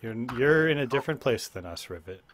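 A man with a mid-pitched voice chatting over voice chat while gaming. He reacts with sudden exclamations and short directions, and his pitch moves a lot. A faint hiss sits under his voice. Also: expressive, fast talker, a bit bright. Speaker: gamer.

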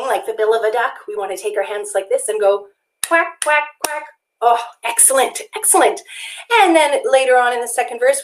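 High-voiced woman hosting a kids' singalong. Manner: bright, encouraging, sings along. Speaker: children's music co-host. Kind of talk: children's livestream hosting and singing. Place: home.

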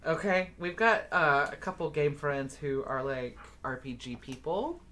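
Low-voiced bright rambling woman. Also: lively intonation, unhurried. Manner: rambling, many "like" fillers, laughs often. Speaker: co-host of a board game stream. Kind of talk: casual chat on a live stream.

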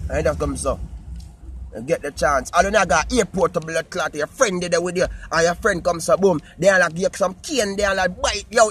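A man with a Jamaican accent talking casually to his viewers in patois, animated and repetitive. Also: sits high, husky. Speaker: vlogger. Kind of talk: casual talk to camera.

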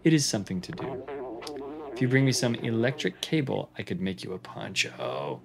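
A man voicing a mild, patient grandmother robot who knits, in a game, speaking softly and low. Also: sing-song, moderate pace, creaky. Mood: gentle.

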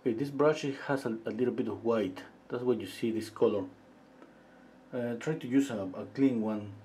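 A middle-aged man with a mellow, warm voice leads a live painting lesson. He talks through each step as he paints, pausing often and trailing off into fillers. Faint noise sits behind him. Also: mid-range voice. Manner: relaxed, thinking aloud while he paints, with frequent pauses and fillers; chats with viewers between steps. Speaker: painting instructor.

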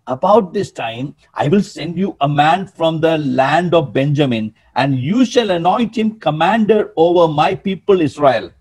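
A man preaching a sermon as pastor, reading scripture aloud and acting out the people in it with lively delivery. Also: fairly high pitch, breathy edge. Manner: animated preaching, acting out quoted characters.

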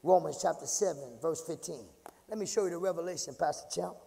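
A man preaching an impassioned sermon, swinging from low murmurs to shouts, repeating phrases and calling out to the congregation. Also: brisk, vocal fry, slightly rough. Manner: call-and-response, repeats phrases. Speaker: pastor. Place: church sanctuary. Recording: reverberant church hall.

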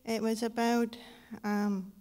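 Slow-talking tearful woman giving testimony. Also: a little high, level tone, dark tone, clean tone. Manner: emotional, tearful and hesitant. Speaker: guest speaker sharing a testimony. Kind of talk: church testimony.

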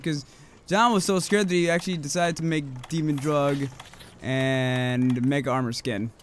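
A man's voice: a little high, a little fast, a little hiss or hum. A man casually commenting on his video game, swearing, joking and reading game dialogue aloud, sounding slightly sick. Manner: profane, jokey, reads game text aloud. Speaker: gaming video host.

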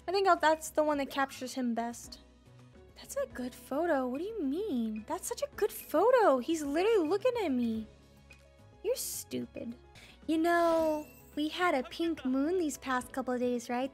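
A young woman with a high, girlish voice chats her way through a game in unhurried, bubbly commentary, breaking into squeals and jokey asides. Game music plays faintly behind her. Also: animated. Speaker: gaming video creator. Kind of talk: playful let's-play commentary.

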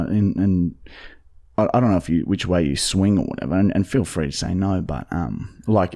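A man making a prank phone call, rambling deadpan with constant fillers. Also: fairly low pitch. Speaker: prank caller.

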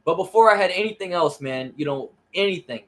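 A man's voice: high-pitched, animated, brisk. A young man casually telling a personal story, emotional and profane, often repeating "I said" and "you know what I mean.". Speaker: vlogger.

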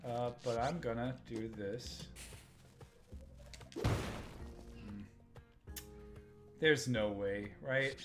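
A man's voice: medium pitch, extremely slow, long pauses, over music. A man hosting a live stream, giving casual gameplay commentary, muttering to himself and chatting with viewers as he plays.

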